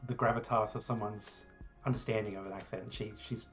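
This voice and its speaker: A man's voice: on the low side, fairly even intonation, a little fast, a bit bright. Young aussie guy rambling through a movie review, laughs at his own bits, faint music under it. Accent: Australian. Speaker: podcast co-host. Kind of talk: casual film review chat.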